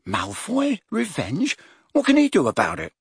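Awkward teen boy, a guy voicing him, squeaky and disbelieving, husky. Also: very animated, normal speed, dry recording, studio quality, full character voice. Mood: incredulous. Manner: incredulous, jumps high in pitch. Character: awkward teenage boy, easily baffled.

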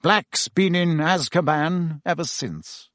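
A man's voice: a little high, takes it slowly, fairly bright tone, no echo, clean studio sound, voice pushed up. A man voicing a pompous, bustling middle-aged male minister who talks in a fussy, self-important way. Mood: earnest.

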